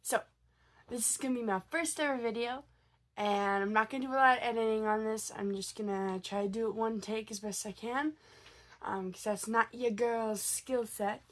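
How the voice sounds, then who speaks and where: A woman's voice: fairly high pitch, fairly even intonation, moderate pace. Sick woman vlogger telling a story. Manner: chatty, hesitant, many fillers and restarts. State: sick, tired. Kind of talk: casual vlog storytelling.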